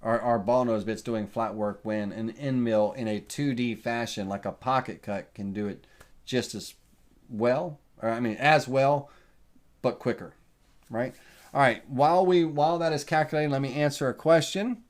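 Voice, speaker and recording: A man giving a relaxed live woodworking software tutorial, answering viewer questions with lots of fillers. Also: medium pitch, moderate pace. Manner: casual, folksy, lots of uh and um fillers. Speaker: CNC woodworking instructor.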